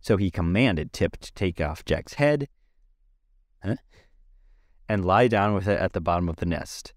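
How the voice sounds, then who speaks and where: A man's voice: low-pitched, expressive, a little slow, no room sound, clean studio sound. A man giving an amateur audiobook reading of a children's story, plain and dotted with 'uh' fillers. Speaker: podcast reader.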